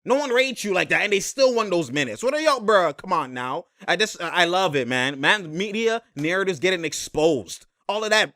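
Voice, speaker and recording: A man giving a slangy, excited breakdown of basketball game film, laughing often and repeating himself. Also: sits high, fairly quick, hardly any pauses, no echo, clean studio sound.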